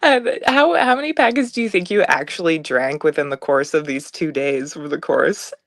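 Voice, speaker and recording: A woman's voice: low voice, moderate pace, dry recording, clean studio sound. A woman co-hosting a casual chat about making a comedy sketch, upbeat and agreeable. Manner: upbeat, agreeable, laughs often. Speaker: co-host and producer. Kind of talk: casual behind-the-scenes chat.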